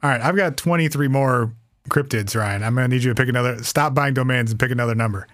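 A man's voice: medium pitch, fast talker, a bit bright, no echo, studio quality. A man hosting a podcast in casual comedic chat, teasing his co-host with a wry, profane humor. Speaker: podcast host presenting cryptids.

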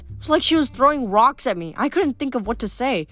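A woman's voice: on the high side, expressive, a little fast, hardly any pauses, fairly bright tone. A woman reading a novel aloud in first person, often tripping over words and correcting herself. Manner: first-person narration with frequent stumbles and self-corrections. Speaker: audiobook reader.

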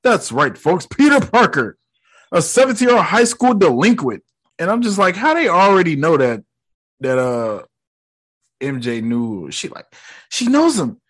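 A man's voice: fairly high pitch, big pitch swings, a little slow, a bit bright. A young man hosting a podcast, recapping a movie in casual slang and mocking the characters in quoted voices. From United States. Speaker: podcast host.

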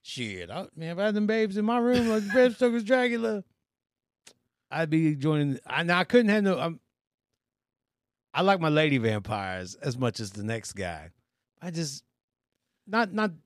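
A man who is a guest on a comedy podcast, telling stories in animated, casual chat and quoting others. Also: on the high side, normal speed, pauses often, dry recording, clean studio sound. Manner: animated storytelling with quoted voices.

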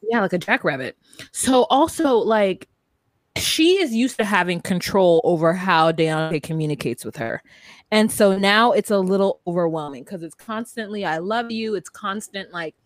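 A woman's voice: medium pitch, animated, normal speed, no room sound. A woman co-hosting a podcast, chatting casually through a reality show recap. She laughs often and slips into mock-dramatic voices when she quotes people. Her voice sits mid-range, recorded dry and close with no room sound. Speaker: podcast co-host.

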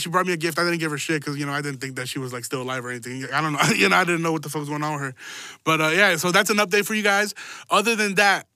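A man's voice: on the high side, sharp tone, no echo, studio quality. A young man hosting a podcast, telling rambling stories in a loose, profane, chuckling way. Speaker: podcast host. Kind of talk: casual rambling podcast monologue.

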